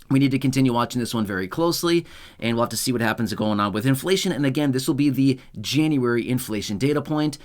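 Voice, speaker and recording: A man hosting his own channel, explaining payment dates in a chatty way, with sarcastic asides and frequent tag questions. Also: mid-range voice. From United States. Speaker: channel host. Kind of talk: casual explainer monologue.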